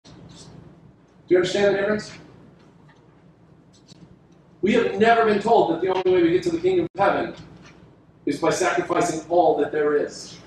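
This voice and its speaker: High-voiced preacher in an echoey hall. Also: male voice. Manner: emphatic, dramatic pauses, acts out quoted lines. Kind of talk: sermon. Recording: echoey room from a distance with faint noise.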